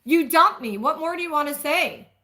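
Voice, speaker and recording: Lady reading as a hurt young heroine, snappy and teary, kinda high. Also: expressive, moderate pace, a bit bright. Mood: defiant. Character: hurt, defiant young woman in a romance.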